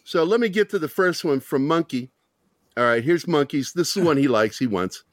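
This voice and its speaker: A man's voice: fairly high pitch, expressive, a little fast. A man hosting a podcast, telling rambling, profane stories in casual chat and laughing often. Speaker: podcast host.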